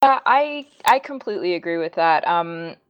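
A woman on a podcast panel, easygoing and joking, halting with fillers. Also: lowish voice, lively intonation, clear, resonant tone, highs cut off. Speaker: panel guest. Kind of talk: casual panel chat.

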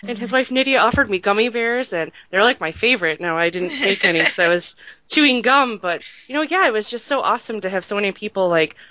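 A woman's voice: mid-range voice, expressive, fairly quick, sharp tone, dull audio, slight background noise. A woman podcast co-host chatting casually, self-deprecating and gushing about people she met. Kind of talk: casual chat.

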